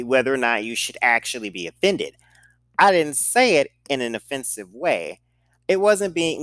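A man's voice: medium pitch, fairly bright tone, no echo. A man with a slight Southern accent telling a casual storytime in a blunt, profane and sarcastic way. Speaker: podcast host telling a story.

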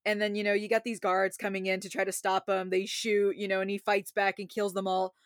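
A woman co-hosting a casual film review podcast, retelling scenes with feeling and quoting characters in quick voices. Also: medium pitch, flat delivery, no room sound, clean studio sound. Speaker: podcast co-host.

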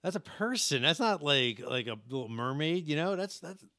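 A man's voice: on the high side, animated, moderate pace, sharp tone, dry recording, clean studio sound. A man chatting casually on a podcast, joking and repeating his lines. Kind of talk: casual chat.

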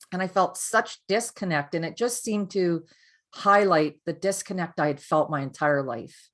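Low-voiced woman telling her story. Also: normal speed. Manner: candid and earnest, with frequent restarts. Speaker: podcast guest. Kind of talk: personal storytelling in a conversation.

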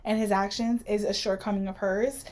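A woman co-hosting a casual podcast, joking sarcastically and laughing often. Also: mid-range voice. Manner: sarcastic, animated, quick to laugh. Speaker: podcast co-host. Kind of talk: casual book-club chat.

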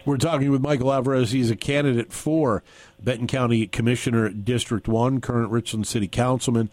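A man hosts a radio talk show at a medium pitch, talking conversationally with occasional fillers. His voice sounds dry and close, recorded in a studio. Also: steady tone, fairly quick, a little mellow, no echo.

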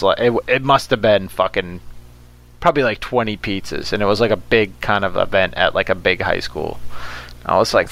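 A man in casual chat about delivering pizzas, telling stories with lots of swearing and acted-out quotes. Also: medium pitch. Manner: profane, animated storyteller who acts out quotes.

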